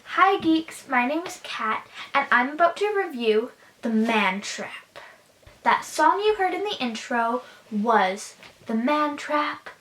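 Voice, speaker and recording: A woman's voice: high voice, fairly bright tone. A young woman hosting a casual episode review, chatty and sarcastic. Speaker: host and reviewer.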